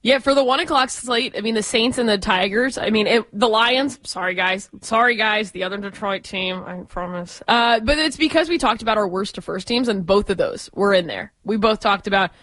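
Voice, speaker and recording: A woman's voice: a little high, fairly quick, few pauses, a bit bright, no room sound. A woman from Texas co-hosting a sports radio show, chatty and opinionated. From Austin, Texas.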